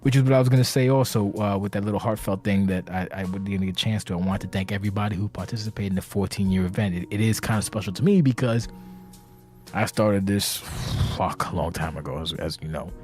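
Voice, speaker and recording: Brief: man with a lowish voice, rambling and profane, sounds tired and anxious, faint music underneath. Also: fast talker, a little mellow. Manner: rambling, profane, self-interrupting. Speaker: community leader of an online wrestling game league. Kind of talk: casual podcast monologue. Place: indoors, seated.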